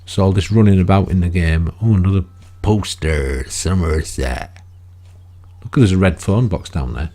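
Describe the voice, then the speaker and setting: Deep-voiced rambling man. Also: fairly quick, hardly any pauses, dark tone. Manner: rambling, chatty, full of tag questions. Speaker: gaming video creator. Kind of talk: casual gameplay commentary.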